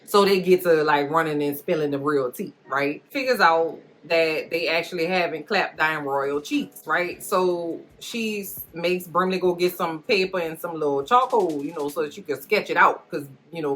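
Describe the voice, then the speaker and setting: Low-voiced woman recapping with slangy jokes. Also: moderate pace, few pauses. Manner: animated, slangy, cracking jokes. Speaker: recap vlogger. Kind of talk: comedic watch-along recap.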